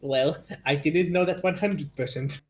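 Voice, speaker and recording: A man with a slightly high voice joking around with friends on a stream. He teases playfully and giggles often. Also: measured pace, a little hiss or hum. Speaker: streamer voicing a game. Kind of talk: casual chat with friends.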